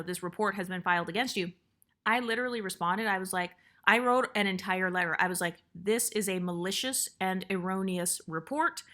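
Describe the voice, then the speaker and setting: A young woman telling a casual storytime about her workplace, blunt and animated, swearing freely and acting out what others said. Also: mid-range voice.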